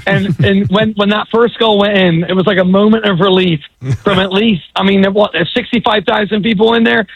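A man calling in by phone, excited and emotional, a little drunk at a venue. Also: high-pitched, brisk, breathy edge, no room sound, dull audio. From England. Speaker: caller on the phone. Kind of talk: casual phone chat. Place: indoor venue with a DJ.

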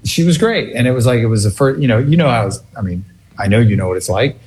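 A man telling a funny family story in a casual, animated way, laughing often. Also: medium pitch, fast, a little hiss or hum.

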